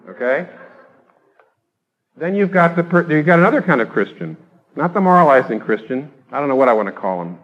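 A man preaching a sermon, emphatic, rising to loud exhortation and then dropping low. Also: very animated, brisk, long pauses, highs cut off. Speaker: pastor.

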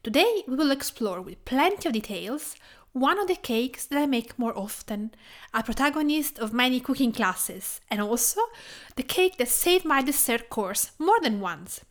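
A woman from Tuscany with an Italian accent, Italian her first language, hosting a cooking podcast in a measured, carefully read narration. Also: high-pitched, expressive. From Tuscany, Italy. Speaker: podcast host and cooking teacher.

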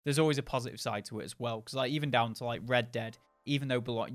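A man's voice: medium pitch, fairly even intonation, fast talker, no room sound. A man meanders through his points in a casual chat, leaning on fillers. His voice sounds close and dry, with no room around it, and faint music plays underneath. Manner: rambling, hesitant, lots of fillers. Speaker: podcast co-host.

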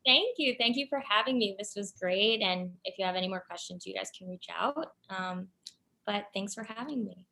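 A woman guest on a podcast, signing off in a friendly, quick way and sounding distant from the mic. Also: mid-range voice, creaky, bright, forceful tone. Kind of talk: casual interview.

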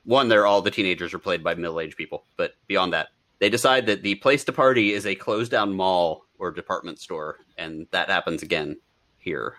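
Bright-voiced man chatting about a movie. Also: sits low, steady tone, normal speed. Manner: rambling, laughs a lot. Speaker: podcast co-host. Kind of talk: casual movie-review chat.

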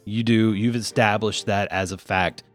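Low-voiced young man as game master. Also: steady tone, soft background music. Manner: teasing, dry, slows down for dramatic description. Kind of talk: narrating a tabletop game.

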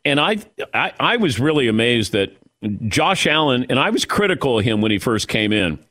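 A man hosting a sports radio show, chatting conversationally with his guest. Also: normal speed. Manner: conversational, lively pitch swings.

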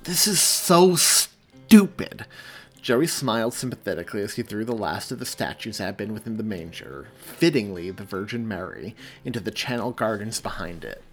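A man reads his own story aloud in a measured, expressive audiobook style. His voice sits fairly low, and faint music plays underneath. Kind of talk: audiobook narration.

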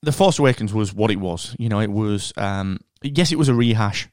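A man with a Northern English accent hosting a podcast, chatting in an animated, rambling way with plenty of fillers. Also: lowish voice, brisk, dry recording, studio quality. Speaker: podcast host. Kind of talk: casual podcast monologue.

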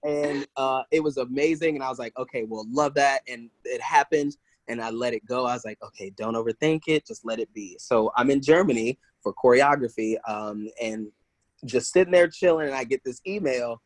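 A man speaking as a podcast guest, telling casual stories with lively energy and acting out other people's voices. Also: mid-range voice, normal speed, no room sound, rough recording. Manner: animated, acts out quoted voices, laughs often. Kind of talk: casual storytelling interview.

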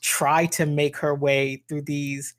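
A man co-hosting a podcast, easygoing and agreeable, giving drawn-out explanations. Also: on the high side, little pitch movement, a bit bright. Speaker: podcast co-host. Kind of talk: casual chat.

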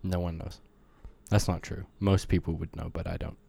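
A man's voice: low voice, flat delivery, normal speed, gravelly, dark tone, slightly rough, no room sound. A man co-hosting a podcast in casual banter, blunt and wry, with frequent swearing. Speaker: podcast co-host.

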